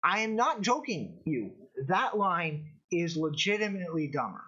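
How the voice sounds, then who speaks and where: A man hosting his own live-streamed show, talking casually in a rambling, halting way with many restarts. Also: high-pitched, sing-song, pushed and bright, husky, dull audio. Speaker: show host.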